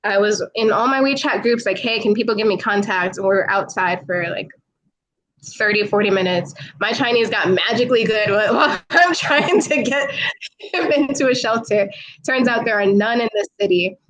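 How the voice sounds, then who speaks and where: A woman's voice: medium pitch, moderate pace, poor audio. A woman from New York, a podcast guest telling a story in casual chat, laughing often and acting out what people said. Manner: laughs often, animated retelling with quoted voices. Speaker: podcast guest, travel creator.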